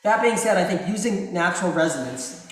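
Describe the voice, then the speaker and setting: A man, a cellist, answering audience questions in a live masterclass, talking in an unhurried, thoughtful way with frequent ums and uhs. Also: high-pitched, lively intonation, a bit bright. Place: large reverberant hall. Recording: very echoey hall with cello in the background.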